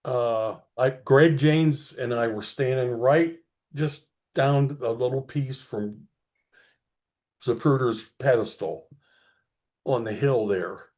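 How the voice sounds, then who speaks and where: A man as an interview guest, telling a rambling story slowly with many fillers. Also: mid-range voice, darkish tone.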